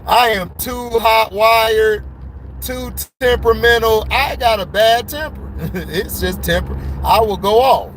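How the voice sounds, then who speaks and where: High-voiced excitable man ranting. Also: measured pace, a little hiss or hum, rough recording. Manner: blunt, excitable, laughs often between points. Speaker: sports commentary YouTuber. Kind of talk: casual sports commentary rant.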